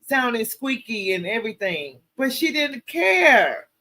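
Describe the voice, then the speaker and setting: Bright punchy woman doing a live q&a, animated preachy storytelling, talks to viewers like y'all. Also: fairly high pitch, unhurried. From American South. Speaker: show host. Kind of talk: casual livestream Q&A talk.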